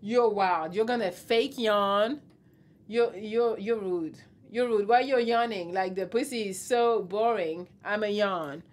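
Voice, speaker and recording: A woman's voice: medium pitch, slow pace. A young adult woman hosting a casual live stream, reading out viewer comments and answering them bluntly with a teasing tone. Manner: blunt, teasing, laughs often.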